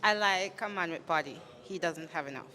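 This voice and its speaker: A woman at a medium pitch states her preferences plainly on a dating show. Loud background noise and a long reverb surround her voice. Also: brisk. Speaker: contestant.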